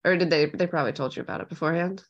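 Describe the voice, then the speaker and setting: A woman's voice: deep voice, racing, muffled recording. A woman hosting a podcast in casual, enthusiastic chat, laughing often. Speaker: podcast host.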